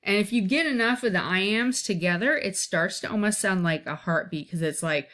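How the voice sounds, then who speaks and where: A woman's voice: mid-range voice, fairly quick, a bit bright. A woman teaching an informal one-take lesson, explaining step by step and checking in often to see that her listeners follow.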